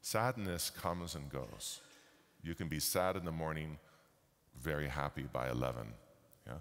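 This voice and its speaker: A man giving a slow, deliberate storytelling keynote talk at a conference. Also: a bass voice, a bit bright. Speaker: keynote speaker. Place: large conference hall. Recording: long hall reverb.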